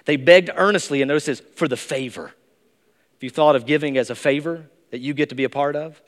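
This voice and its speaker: A man preaching a sermon as pastor, emphatic and rising into high, excited bursts. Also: a little fast. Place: church sanctuary. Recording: long reverb of a church hall.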